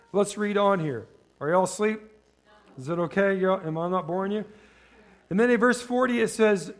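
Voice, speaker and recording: A man preaching a sermon in a conversational way. He asks the congregation questions and slows down when reading scripture. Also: high voice, a bit bright. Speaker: pastor.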